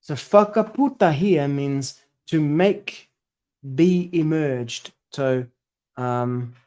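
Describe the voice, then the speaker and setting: A man's voice: on the high side, drawn-out words, a little mellow. A man working through a translation aloud, tentative and self-correcting as he muses over each word. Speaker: scripture study presenter.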